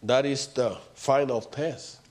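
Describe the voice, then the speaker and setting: A man's voice: mid-range voice, steady tone, takes it slowly. A man preaching a sermon, repeating his points and building to emphatic outbursts.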